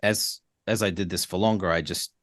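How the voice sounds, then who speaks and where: A man from Australia, a guest voice actor, chatting in a relaxed podcast interview, laughing easily and restarting words as he thinks. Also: sits low, fairly quick, no room sound, studio quality.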